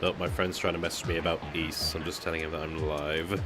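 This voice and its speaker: A man's voice: a bass voice, little pitch movement, brisk, music in the background. A British man streaming a game, chatting casually, rambling with stammered restarts and a lot of swearing.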